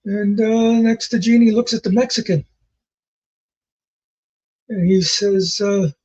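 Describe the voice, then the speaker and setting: A man's voice: high-pitched, fairly even intonation, slow, long pauses, a little mellow, slightly rough, dull audio. A man casually telling jokes as host, rambling and folksy in his storytelling.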